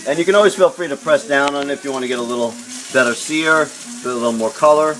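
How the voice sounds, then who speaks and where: A man hosting a casual live cooking show at home, joking and shouting catchphrases. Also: medium pitch, fast, poor audio. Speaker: home cook host. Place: home kitchen with pan sizzling.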